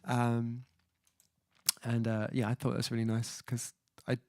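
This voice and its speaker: A man's voice: medium pitch, completely flat delivery, unhurried, a little mellow, no room sound, clean studio sound. A man hosting his own music livestream, chatting casually and reading viewer comments aloud, hesitant with many fillers as he sounds out foreign words. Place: at home, indoors.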